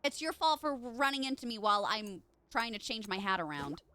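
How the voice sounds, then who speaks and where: A woman's voice: fairly high pitch, big pitch swings, a little fast, sharp tone, no room sound. A woman streaming a game live, chatting with her viewers and reacting as she plays. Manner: bubbly, chatty, reads chat aloud. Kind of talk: live gameplay commentary.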